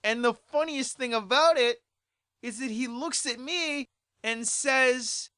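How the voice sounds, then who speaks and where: A vlogger telling a story as an exasperated rant, repeating points and bursting into loud outbursts. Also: medium pitch, slow pace, no room sound, studio quality.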